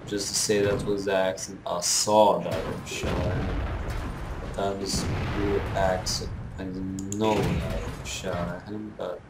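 A man's voice: on the low side, reverberant, noisy background. A young man giving rambling, teasing gameplay commentary with non-native phrasing. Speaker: gamer.

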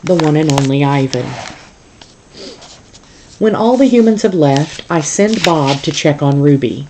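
Teacher, reading a novel aloud, calm, steady, mellow tone. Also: medium pitch, measured pace, slight background noise.

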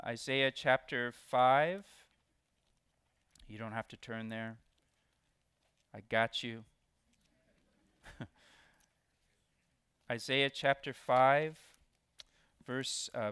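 A man preaching a sermon as pastor, with expressive delivery that leans hard on key words. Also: medium pitch, drawn-out words, pauses often, clear, resonant tone, no echo, clean studio sound. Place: church.

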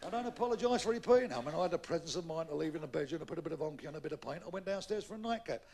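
A man's voice: fairly high pitch, expressive, racing. A man, doing a stand-up comedy routine on a theatre stage and telling long joke stories. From England. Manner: gravelly voice, puts on voices for the characters in his stories. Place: live theatre stage with an audience. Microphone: stage microphone. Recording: noisy early 1990s live show tape.

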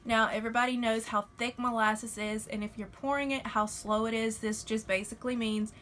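Young woman, Alabama twang, somewhat high voice, folksy and chatty, casual vlog talk. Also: steady tone, brisk, fairly bright tone, a little hiss or hum. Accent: Southern US (Alabama). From Alabama, US South. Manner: chatty, folksy, uses y'all and fixing to. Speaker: vlogger.

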